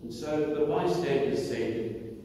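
A priest reads scripture and preaches in an unhurried, measured voice with a dark, mellow tone. He sounds far from the mic, his words trailing through the long reverb of a church. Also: a little high, slight background noise. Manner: slow, measured delivery. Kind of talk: gospel reading and homily. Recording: echoey church hall from far off.

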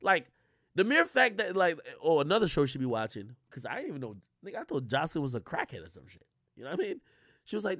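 A man ranting casually to his stream audience, swearing a lot and jumping his voice up high for emphasis. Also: wildly swooping pitch, fast, gravelly, no echo, clean studio sound. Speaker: streamer and rap commentator.

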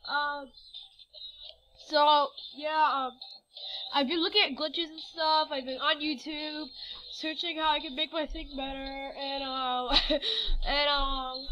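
A woman's voice: sits high, normal speed, pushed and bright, rough recording. A teenage girl chatting casually over a game recording, rambling with lots of fillers. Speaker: game vlogger. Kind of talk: casual chat with screen recording.

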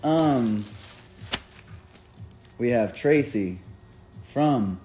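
A man's voice: mid-range voice, expressive, very slow, dark tone, soft background music. A man chatting casually on a phone live stream, rambling with lots of "like" and reading out viewers' names and hometowns. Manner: rambling, filler-heavy, reads out viewer names. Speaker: musician streaming a merch live.

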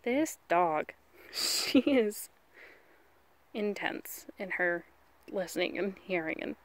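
A woman's voice: mid-range voice, animated, slow, long pauses, a little hiss or hum. A woman from the American South walking her dog in the woods, chatting casually and coaxing it in baby talk. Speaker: vlogger. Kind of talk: casual outdoor vlog. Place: outdoors in rural woods.

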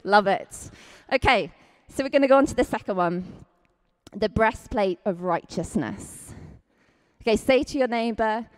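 A woman with a Scottish accent preaching a chatty, lively sermon, acting out quotes with big leaps in pitch. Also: unhurried.

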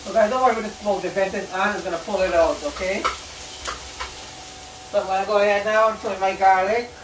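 A man with a high voice, chatting casually to viewers while he cooks curry in his home kitchen. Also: a little fast, noisy background. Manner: chatty, relaxed, talks straight to viewers. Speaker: cooking vlogger. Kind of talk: casual cooking demonstration. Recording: roomy kitchen, distant mic, sizzling.

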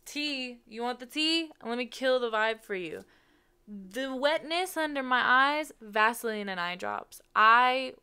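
A woman's voice: mid-range voice, pushed and bright, clear, resonant tone. A young woman in her twenties chatting effusively about making her music video, laughing often. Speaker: singer reacting to her own music video. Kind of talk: casual chat.

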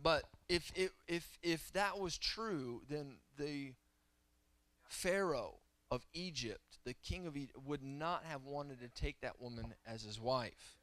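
A man in his thirties preaching a humorous, animated sermon that swings between loud and soft. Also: a little high, slow pace, no room sound. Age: 30s.

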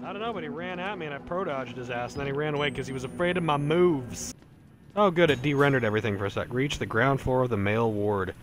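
A man's voice: medium pitch, fast talker. A man streaming horror gameplay while tipsy and out of breath, swearing, yelping at scares and cracking jokes between them. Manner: jumpy, yelps and swears, jokey asides. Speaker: gaming streamer. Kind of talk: live horror gameplay commentary.

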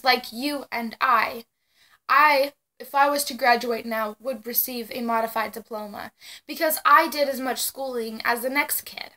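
A woman's voice: sits high, sharp tone. A young woman in her late teens talking to the camera in a casual vlog, gushing and blunt, with some mild swearing. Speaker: vlogger. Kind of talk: casual emotional address to camera.

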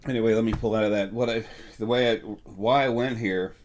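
A middle-aged man giving an unscripted spiritual monologue, rambling and halting with many fillers and restarts, his voice catching with emotion now and then. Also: lowish voice, steady tone, a little mellow, slight background noise. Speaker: spiritual talk host.

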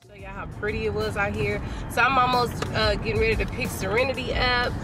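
Texan lady vlogging, kinda high voice, joking around with her viewers, music going in the back. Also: fairly even intonation, a little fast. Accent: Texan Southern US. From Houston, Texas. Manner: playful, teasing, chatty with the camera. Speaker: family vlogger. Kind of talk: casual vlog chat.

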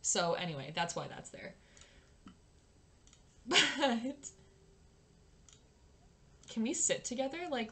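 A young woman from Canada giving casual gameplay commentary, swearing freely and ranting at the game. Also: medium pitch. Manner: swears a lot, rants at the game in exasperation. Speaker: gaming YouTuber.

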